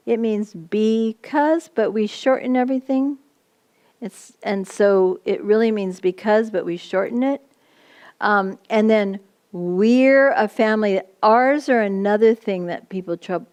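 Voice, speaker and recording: A woman in middle age trains teachers in a workshop, with a smooth, clear, fairly high voice. She talks in a lively, chatty way and easily switches into singing a simple chant. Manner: lively, chatty, breaks into song.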